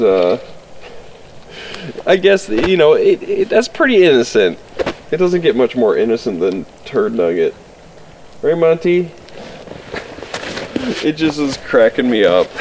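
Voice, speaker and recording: Casual outdoorsy man, lively swinging pitch, easygoing and rambling, faint hiss behind. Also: low-quality recording. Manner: relaxed, rambling, laughs often. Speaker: outdoor vlogger. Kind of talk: casual chat at camp. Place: winter campsite outdoors.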